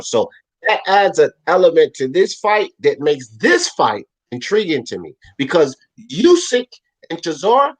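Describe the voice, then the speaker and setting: A man's voice: a little high, wildly swooping pitch, unhurried, rough recording. A man co-hosting a casual boxing talk show, emphatic and insistent, swearing as he makes his case. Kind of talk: casual sports debate.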